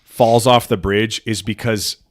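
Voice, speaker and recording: A man's voice: fairly low pitch, a little slow, no echo, studio quality. A man co-hosting a podcast, telling movie scenes in casual chat with lots of swearing and acted-out lines. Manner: excited, swearing storyteller who acts out scenes. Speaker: podcast co-host.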